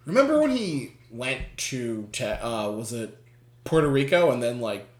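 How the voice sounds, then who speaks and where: A quiz host in casual chat, reading questions aloud, laughing often, swearing and reacting with loud dismay. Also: medium pitch, very animated, a little slow. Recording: roomy echo.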